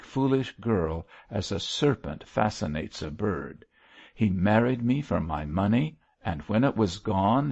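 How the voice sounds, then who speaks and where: A man's voice: low voice, gravelly, darkish tone, muffled recording, exaggerated voice. A man voicing a passionate, defiant middle-aged wife, speaking vehemently and emotionally.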